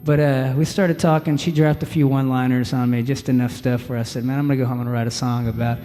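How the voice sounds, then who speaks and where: A young singer-songwriter talks from a venue stage in a relaxed, meandering way, peppering his stories with "uh" and "man". His voice sits at an ordinary pitch and rings out into a long hall reverb, with faint guitar underneath. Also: fast. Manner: rambling, easygoing storytelling, filler words and "man". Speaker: singer-songwriter performing live. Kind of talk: stage banter between songs. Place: live music venue stage. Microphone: stage vocal mic. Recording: reverberant live venue with music.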